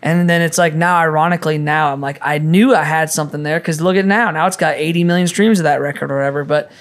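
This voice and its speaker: A man's voice: fairly high pitch, quick pace. Chatty man with a raised voice. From Minnesota. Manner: animated storyteller, swears freely. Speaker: podcast guest, musician. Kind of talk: casual chat.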